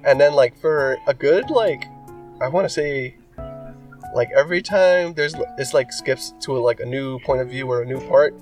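Recorded far from the mic with soft music underneath, this man speaks at a medium pitch and moderate pace. He's co-hosting a laid-back podcast conversation, rambling along with plenty of "like"s and "um"s.

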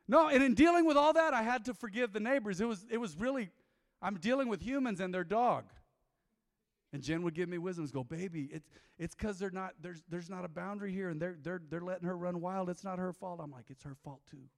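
Speaking fairly quickly in a voice that sits high, a middle-aged pastor preaches in a church sanctuary, recorded with long hall reverb. He shares a confessional, joke-filled story before moving into an altar call, going from loud to hushed and back.

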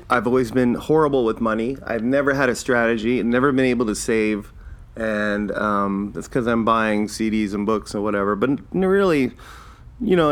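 A man's voice: mid-range voice, a bit bright, clean tone. A man in his fifties from Canada, hosting a casual solo podcast and rambling through his life in a loose, self-deprecating way. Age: 50s. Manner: rambling, self-deprecating, chuckles at own jokes. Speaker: podcast host.

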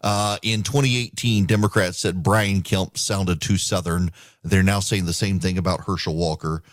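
Radio host guy, lowish voice, dry studio mic, chatty with lots of uhs. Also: fairly even intonation, dry recording. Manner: quick, conversational, with fillers. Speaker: radio talk show host. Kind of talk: radio talk show with ad reads.

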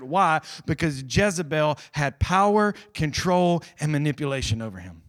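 A middle-aged male pastor preaching a sermon to a live congregation in a church, telling a Bible story with lively emphasis, swinging between loud pushes and low, quiet asides. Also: normal speed, hardly any pauses. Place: church hall with live audience.

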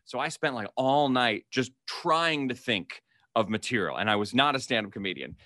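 A man's voice: medium pitch, moderate pace, dry recording, clean studio sound. A man in his thirties hosting a casual podcast chat, telling an anecdote and acting out the people in it. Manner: animated anecdote teller, acts out quoted voices. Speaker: podcast host.

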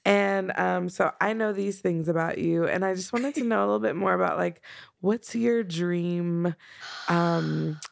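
A young woman hosting a relaxed podcast chat, laid-back and giggly, often acting out her own past thoughts. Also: fairly low pitch, a little slow, creaky, dry recording, clean studio sound. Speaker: podcast host. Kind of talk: casual conversation.

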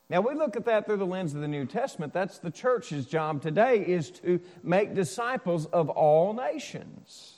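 A male pastor giving a sermon in a casual, storytelling way, moving between loud proclaiming and soft asides. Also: high voice, animated, normal speed, few pauses, long reverb tail. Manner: conversational preaching with asides and stories, swings loud and soft.

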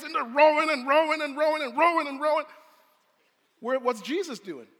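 A man preaches with a high, bright voice, acting out the scene he describes. His words ring through a large room with a long reverb trailing behind them. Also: brisk. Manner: animated storyteller, acts out scenes. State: out of breath. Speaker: pastor. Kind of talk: sermon.

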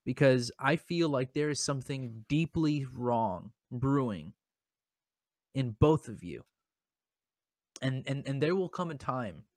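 A man's voice: mid-range voice, dry recording, studio quality. A man hosting a comedy podcast, talking in a mock-dramatic, self-pitying way and often stammering over his words. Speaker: podcast host.

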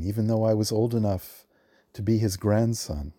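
Low mellow-voiced man reading film history. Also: normal speed, no room sound, studio quality. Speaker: film librarian guest.

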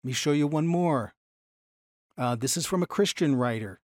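A man teaches a Bible class from his slides, speaking in a fairly high voice. He is animated and often slows down to lean on key phrases. The sound is dry and close, with little room around it. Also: dry recording.

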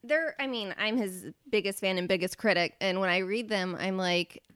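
A woman's voice: medium pitch, moderate pace, fairly bright tone, clean tone. A woman co-hosting a casual podcast chat, speaking in a direct, wry way as she corrects her partner. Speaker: co-host and voice actor.

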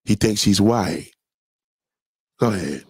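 A man giving heated, profane reaction commentary on a clip, mocking and now and then breaking into sudden loud outbursts. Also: lowish voice, expressive, takes it slowly, breathy edge.

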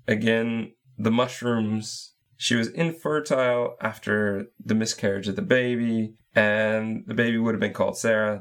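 Low-voiced guy walking through game scenes on a podcast, step by step. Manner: recaps scenes methodically, with short laughs. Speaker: podcast co-host. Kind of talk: casual game discussion podcast.

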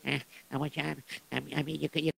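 A man's voice: on the high side, level tone, quick pace, creaky, fairly bright tone, slightly rough, no room sound, full character voice. A man playing a poor, meek shoemaker who stammers and hesitates. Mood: flustered.

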